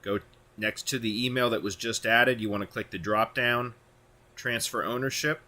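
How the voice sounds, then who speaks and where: A man talking through a software tutorial step by step in plain instructions, with occasional fillers. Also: medium pitch, steady tone, normal speed. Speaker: tutorial host. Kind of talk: screen-recorded software tutorial.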